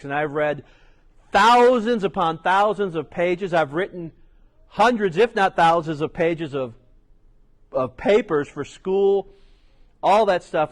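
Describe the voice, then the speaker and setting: A middle-aged man preaching a sermon as pastor, telling stories with chatty asides. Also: on the high side. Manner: storytelling, conversational asides.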